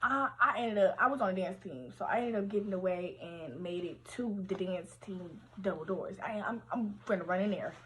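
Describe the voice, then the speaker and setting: A young woman telling a story from her teens on a casual livestream, animated, slangy and full of profanity. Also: medium pitch, normal speed, hardly any pauses, slight background noise.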